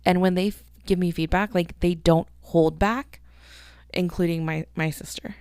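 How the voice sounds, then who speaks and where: A woman's voice: lowish voice, fairly even intonation, moderate pace, darkish tone, clean tone, no room sound, studio quality. A woman in her thirties hosting a casual solo podcast, rambling and chatty, swearing freely. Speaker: podcast host.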